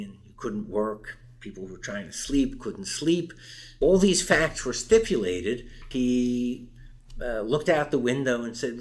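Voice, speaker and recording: An older man telling a story in an interview, with emphasis, acting out the people he quotes. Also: fairly low pitch. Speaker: interview guest. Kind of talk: recounting a campus case in conversation.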